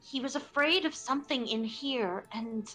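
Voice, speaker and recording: A woman's voice: high voice, normal speed, fairly bright tone, soft background music, low-quality recording. A woman playing in a tabletop game, flustered and frustrated at her setup. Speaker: player. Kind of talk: casual tabletop game chat.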